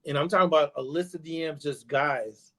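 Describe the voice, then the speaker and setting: A man's voice: on the high side, brisk, a bit bright. A man guest on a parenting podcast, telling a story casually with many fillers, restarts and "you know"s. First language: bilingual in Spanish.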